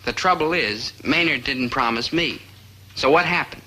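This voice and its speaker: A man's voice: mid-range voice, moderate pace, bright, forceful tone, poor audio. An actor playing an earnest, lovesick teenage boy who wisecracks and talks to the audience, in 1950s sitcom style.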